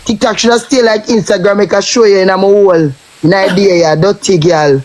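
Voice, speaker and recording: A man's voice: high-pitched, steady tone, normal speed, low-quality recording. A man with a Jamaican accent, ranting and taunting in a cursing live stream tirade.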